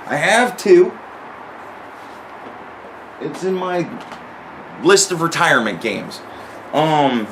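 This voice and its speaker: A man with a somewhat high-pitched voice talks through his review in a loose, rambling way. He swears freely and keeps stumbling over and restarting his sentences. Faint background hiss. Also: a bit bright. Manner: rambling, profane, restarts words often. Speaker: show reviewer. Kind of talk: casual review monologue.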